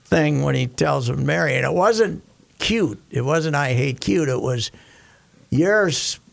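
A man's voice: on the high side, a little slow, gravelly. A man co-hosting a casual chat, rambling through an anecdote in a self-deprecating way.

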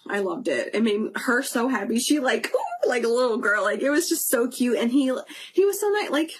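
A woman's voice: fairly high pitch, lively intonation, normal speed. A young woman co-hosting a podcast, chatting casually and gushing about fan events, laughing often. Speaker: podcast co-host. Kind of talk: casual chat.

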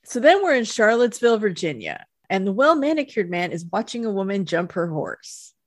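Woman podcast co-host, mid pitch, talks through the plot easy and dry, close mic. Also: sing-song, a little fast, no echo. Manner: easygoing narrating, laughs often, wry asides. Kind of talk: casual chat recapping a TV episode.

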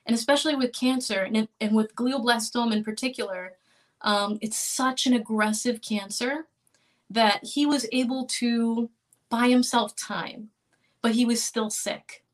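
A middle-aged woman recounting a hard personal story in an interview, earnest and halting, with restarts and small laughs. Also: on the high side, fairly even intonation. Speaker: interview guest.

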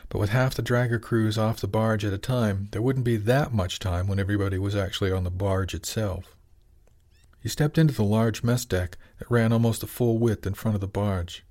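A male audiobook narrator with a fairly low voice. He reads scripted narration at an even, measured pace.

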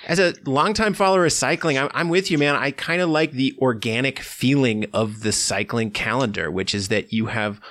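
A man in easy conversation on a cycling podcast, eager and chatty, working his thoughts out as he talks. His voice sits at an ordinary middle pitch. It is recorded close and dry, with no room sound. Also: moderate pace, few pauses, fairly bright tone, no room sound. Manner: enthusiastic, chatty, thinks aloud. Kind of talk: casual chat.

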